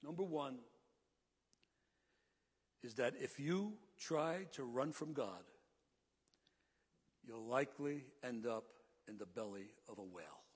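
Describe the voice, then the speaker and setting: A man preaching a sermon to his congregation in earnest tones, slowing down to stress his points. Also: medium pitch, animated, husky, in a large hall. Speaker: pastor.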